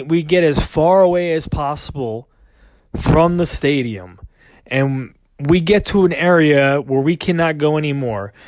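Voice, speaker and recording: A man's voice: a little high, no room sound. Emphatic, swearing male podcast host. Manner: ranting storyteller, repeats points for emphasis, swears. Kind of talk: casual chat.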